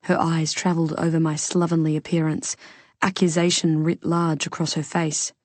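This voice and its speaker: A woman reads a first-person thriller in expressive storytelling style. Her voice sits low, and the recording is dry and close, with no room sound. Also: normal speed, no room sound. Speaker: audiobook narrator. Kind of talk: first-person audiobook narration.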